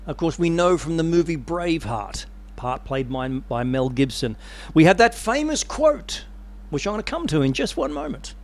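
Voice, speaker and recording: Animated male preacher. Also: fairly high pitch, moderate pace. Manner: animated storytelling, dramatic. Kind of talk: sermon.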